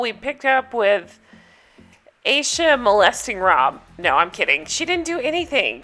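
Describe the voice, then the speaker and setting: A woman hosting her own recap show, talking casually through the episode in a sarcastic, gossipy, animated way. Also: a little high. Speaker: podcast host recapping reality TV.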